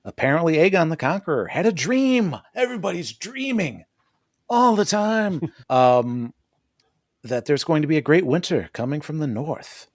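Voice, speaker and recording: A man's voice: a little high, expressive, moderate pace, dry recording, studio quality. A man co-hosting a podcast, recapping a TV episode in a casual, profane, joking style and laughing often. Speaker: podcast co-host. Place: podcast studio.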